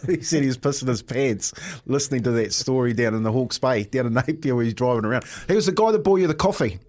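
A man with a New Zealand accent co-hosting a show, telling stories with lots of laughter and lively banter. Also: medium pitch, fast talker. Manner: laughing, storytelling, excitable. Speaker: radio show co-host. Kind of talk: casual banter.

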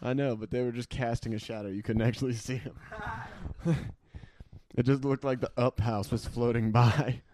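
A man's voice: medium pitch, steady tone, moderate pace, long pauses, a little mellow. A man co-hosting a podcast in casual chat, joking and laughing often. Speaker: podcast co-host.

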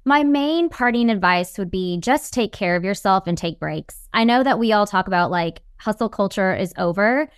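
Female interview guest, smooth mid voice, upbeat advice, dry close mic. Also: medium pitch, normal speed, few pauses, no echo. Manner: upbeat, animated, gives advice. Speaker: guest, networking expert. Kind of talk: casual interview chat.

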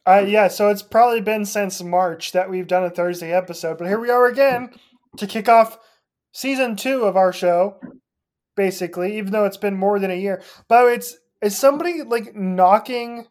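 A co-host of a casual sports podcast, easygoing and amused, laughing along. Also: male voice, high voice, moderate pace, darkish tone. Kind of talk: casual chat.

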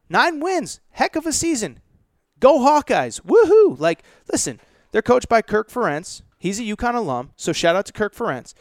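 A man's voice: high voice, clear, resonant tone, dry recording, studio quality. A man hosting a sports podcast, giving opinionated takes in an emphatic, argumentative way that builds to punchlines.

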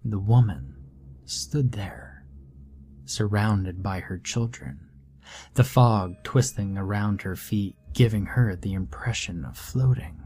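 A man narrating a scripted horror story in a measured, deliberate way. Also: fairly low pitch, dark tone.

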